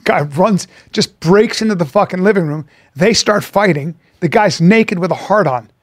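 A man's voice: high-pitched, moderate pace, dry recording, studio quality. A man co-hosting a podcast, telling stories in casual banter and swearing freely. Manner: animated storyteller, swears a lot. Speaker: podcast co-host.

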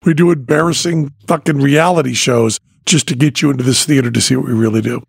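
A man hosting a podcast in a casual, jokey chat, breaking into loud laughs. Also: medium pitch, fast, gravelly, slightly rough, no echo, studio quality. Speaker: podcast host.

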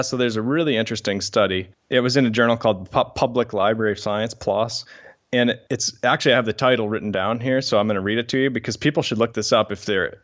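A man's voice: medium pitch, highs cut off. A man who is a scientist, explaining research findings in a podcast interview. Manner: explanatory, reads study titles aloud. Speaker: guest scientist.

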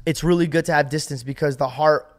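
Excitable rambling young man, higher voice. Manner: rambling, excitable, filler-heavy, quick to laugh. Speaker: podcast co-host. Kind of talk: casual chat.

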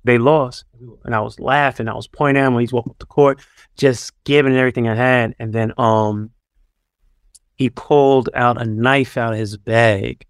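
A man's voice: medium pitch, fairly even intonation, normal speed, smooth, no echo, clean studio sound. A man, a former pro athlete, telling stories in a loose, casual interview style full of fillers and restarts. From New York. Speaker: guest, former pro basketball player.

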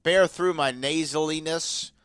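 Male podcast host, nasal and playful, slightly high, dry close sound. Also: a little slow, a bit bright, smooth, no room sound. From Houston, Texas. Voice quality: nasal from allergies. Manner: playful, teasing, trails off into mumbles. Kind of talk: casual chat.

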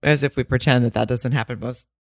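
A woman's voice: very deep voice, fairly even intonation, fast, no room sound. Woman cohosting a chatty podcast from home, jokey, laughs a lot, dead dry sound. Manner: joking, self-mocking, laughs often. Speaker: podcast co-host. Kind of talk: casual chat. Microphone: remote call setup at home.

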